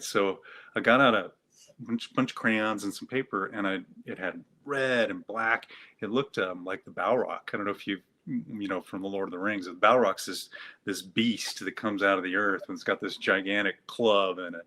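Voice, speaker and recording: A man talking in a reflective interview, gentle and searching, posing questions to himself. His voice sits a bit low, with frequent fillers and restarts. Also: a little fast. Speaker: guest psychotherapist.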